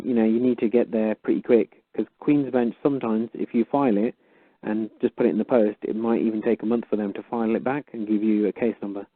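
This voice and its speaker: Calling in to a talk show by phone, an animated man tells a casual story and acts out the conversations in it. His pitch jumps suddenly upward at times, and the recording is dry.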